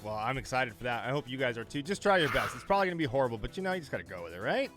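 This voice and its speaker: A man hosting and calling a drone race live, with quick, excitable play-by-play. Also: medium pitch, over music. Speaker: race commentator and host.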